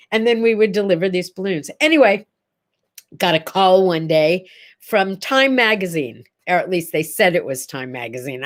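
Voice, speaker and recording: An older woman hosting a casual morning chat, telling stories with lively energy and acting out the voices of the people in them. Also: mid-range voice. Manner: animated, acts out quoted voices in stories. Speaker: livestream host.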